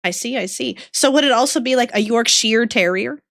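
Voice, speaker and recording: A woman's voice: fairly high pitch, fairly quick, gravelly, no room sound, clean studio sound. A woman streamer chatting casually and giggling with her viewers while she draws. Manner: giggly, bubbly, greets chat warmly.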